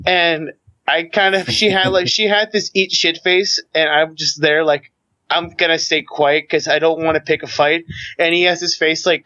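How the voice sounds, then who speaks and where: Man, slightly raised pitch, bright tone, dull lo-fi mic, stumbling quick storytelling. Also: fairly even intonation. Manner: fast, stumbling storytelling with many restarts. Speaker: podcast co-host. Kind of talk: casual podcast chat.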